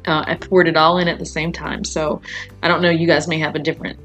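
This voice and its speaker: A woman's voice: low voice, little pitch movement, fast, fairly bright tone, soft background music. A woman hosting her own podcast, chatting casually and rambling, with frequent fillers and laughs. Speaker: podcast host. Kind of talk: casual solo podcast chat.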